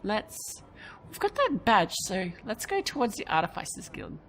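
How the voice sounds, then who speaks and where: A woman hosting a let's play who chats casually and thinks aloud about her choices. She switches between easy commentary and reading the game's story text, at a middling pitch for a woman. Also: sing-song, moderate pace, a little hiss or hum, low-quality recording.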